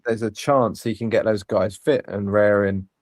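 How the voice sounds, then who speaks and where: A man chatting on a football podcast in a relaxed, hedging way. His voice sits fairly low and sounds dry and close to the mic, with no room around it. He sounds hopeful rather than forceful. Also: normal speed, no echo. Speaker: podcast co-host. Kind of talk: casual football podcast chat.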